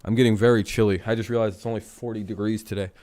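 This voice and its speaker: A man's voice: fairly low pitch, flat delivery, racing, a little mellow, dry recording, clean studio sound. Chatty, swearing sports streamer man. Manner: chatty, swears casually, laughs often. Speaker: streamer and host. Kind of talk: casual live-stream chat.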